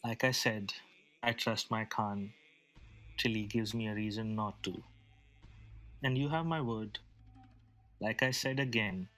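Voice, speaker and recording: A man's voice: lowish voice, a bit bright. A man playing a loyal desert warrior envoy in a tabletop game, speaking formally and solemnly.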